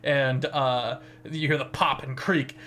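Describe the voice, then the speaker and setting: A game master running a tabletop game, relaxed and prone to laughing asides while describing the scene. The voice sits at a middling pitch. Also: takes it slowly, slight background noise.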